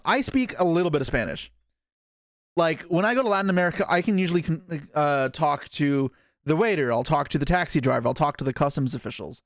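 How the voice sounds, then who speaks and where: A man's voice: fairly high pitch, brisk, no echo, clean studio sound. A young man from Canada chatting casually on a live stream, rambling and self-deprecating as he reacts to chat.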